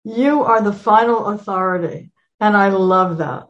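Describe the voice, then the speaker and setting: A woman's voice: mid-range voice, unhurried, muffled recording. A woman taking part in a casual group discussion, speaking earnestly. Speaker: discussion participant.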